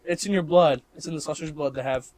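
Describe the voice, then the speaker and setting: A man's voice: on the high side, fast, darkish tone, dry recording. A young man from Missouri in the Midwest, co-hosting a casual podcast chat, rambling with lots of "like" and restarts and laughing often. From Missouri, American Midwest. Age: young adult. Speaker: podcast co-host.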